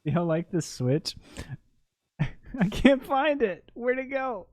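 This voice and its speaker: A woman's voice: on the high side, big pitch swings, slow pace, a little mellow, no room sound. A woman co-hosting a live stream in casual chat, laid-back and teasing as she laughs along.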